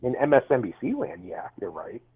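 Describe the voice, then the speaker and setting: A man's voice: mid-range voice, wildly swooping pitch, fairly quick. A man calling into a livestream, arguing in a dismissive, mocking way. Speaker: caller. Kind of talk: heated call-in argument. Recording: husky tinny phone line.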